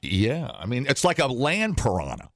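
Gravelly, animated radio host. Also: male voice, medium pitch, normal speed, a little hiss or hum. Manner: joking, laid-back, trails off. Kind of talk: casual morning show banter.

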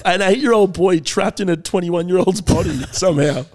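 A man's voice: high-pitched, a little fast, darkish tone. An Australian man co-hosting a podcast in casual chat, laughing often and swearing freely as he riffs. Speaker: podcast co-host.

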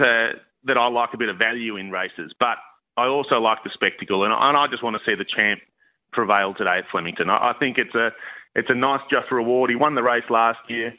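An enthusiastic man calling in as a racing writer, talking quickly. His voice comes through a tinny phone line. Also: mid-range voice. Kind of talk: phone-in radio interview.

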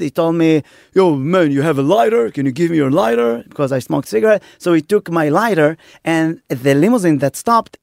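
A man's voice: a little high, dry recording. A young man, a comedian whose first language is Hebrew, telling a story in broken English in a studio chat. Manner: broken English, laughs through stories. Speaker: stand-up comedian, co-host.

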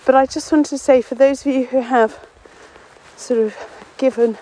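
A woman's voice: sits high, steady tone, normal speed, dark tone, rough recording. A woman rambles cheerfully while walking through trees on a windy common, a little out of breath. She talks in a chatty, self-deprecating way, and faint outdoor noise sits behind her voice. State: slightly out of breath. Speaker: local author and podcast contributor. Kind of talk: casual spoken diary on a walk. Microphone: phone or portable recorder, no headphones.

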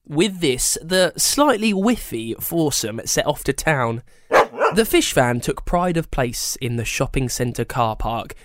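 A storyteller reads a children's story aloud with animated, expressive delivery. The voice sits mid-range but moves widely. It is recorded close, in a dead, dry space. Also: medium pitch, takes it slowly, dry recording.

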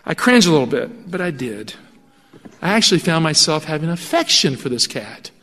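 Animated pastor in an echoing church. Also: male voice, a little high, moderate pace. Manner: animated storytelling with acted-out quotes. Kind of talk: sermon. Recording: long hall reverb.

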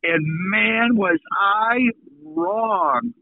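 A man from Minnesota hosting a casual radio chat, telling stories with drawn-out emphasis. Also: very high-pitched, huge pitch swings, creaky. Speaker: radio host. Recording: phone-line sound.

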